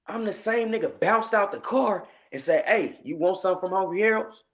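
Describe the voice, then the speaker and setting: A man telling a story in a casual interview, animated and acting out the lines he quotes. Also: high-pitched, fairly quick. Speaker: guest, rapper.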